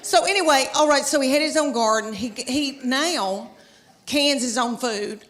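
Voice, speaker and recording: A woman's voice: high-pitched, measured pace, fairly bright tone, long reverb tail. A woman in her fifties with a Southern American accent, performing stand-up comedy and talking straight to the audience in a chatty drawl. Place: theater stage before a live audience.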